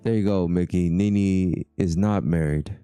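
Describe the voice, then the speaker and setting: A man's voice: low voice, unhurried, dark tone, smooth, soft background music. A man hosting a casual livestream chat, laid-back and reading viewer comments aloud. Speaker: livestream host.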